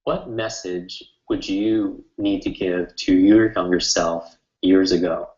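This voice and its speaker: A man's voice: low voice, steady tone, slow pace, a little mellow. A man hosting a webinar as a memory coach, telling a heartfelt personal story in an earnest, rambling way full of fillers. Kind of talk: personal storytelling to an online audience. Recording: roomy, slightly dull sound.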